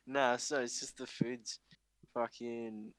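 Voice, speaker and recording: A young man rambles through a casual podcast story, swearing freely and laughing as he goes. His voice sits at an average pitch, and the close mic sounds dry with no room around it. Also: flat delivery, slow pace, a bit bright, dry recording. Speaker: podcast host.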